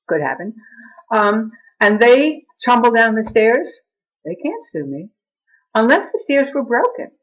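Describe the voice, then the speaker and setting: A woman's voice: fairly high pitch, poor audio. A middle-aged woman vlogging in a casual chat to camera, laughing at her own jokes as she talks.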